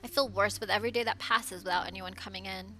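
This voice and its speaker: A woman's voice: mid-range voice, steady tone, quick pace, bright, forceful tone, soft background music, voice pushed down, natural voice. A woman voicing a composed teenage club president, reading the lines plainly. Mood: doubtful. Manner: plainly read dialogue. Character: composed teen girl, lonely club president.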